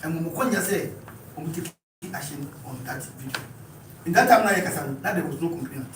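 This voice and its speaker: A man's voice: on the high side, animated, brisk, a bit bright, slight background noise. A Ghanaian man giving an impassioned address at a meeting, speaking emphatically and mixing in English phrases, recorded in a room from a distant mic. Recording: echoey room, mic far off.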